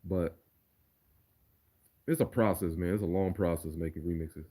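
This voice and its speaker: A man's voice: deep voice, normal speed, dark tone. A man answering viewer questions on a casual livestream, laid-back and profane, often repeating words as he thinks. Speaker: livestreamer and remix producer.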